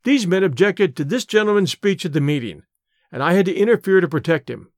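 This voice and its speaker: A man reading a story aloud in a measured, storytelling audiobook manner. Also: high-pitched, expressive, no room sound, clean studio sound. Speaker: narrator. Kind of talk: audiobook narration.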